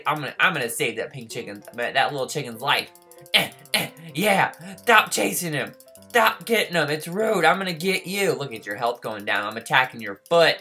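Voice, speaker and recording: A man giving excitable let's-play commentary, yelping and squealing in mock distress and teasing in a playful, childlike way. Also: a little high, moderate pace, breathy edge, faint music behind. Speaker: gaming YouTuber.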